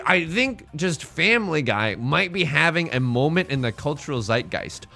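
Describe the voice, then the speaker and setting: A young man streaming an online mahjong game, chatting casually and telling rambling, animated stories with quick self-corrections. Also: fairly high pitch, creaky. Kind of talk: casual chat while playing online mahjong.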